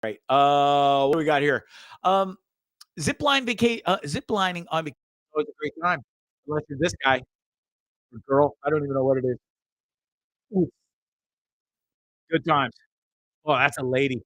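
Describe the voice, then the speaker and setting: A man's voice: on the high side, expressive, normal speed, pauses often, fairly bright tone, no room sound, clean studio sound. A man hosting a show, casually commenting on videos with frequent swearing, stammered repeats and laughter. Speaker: show host.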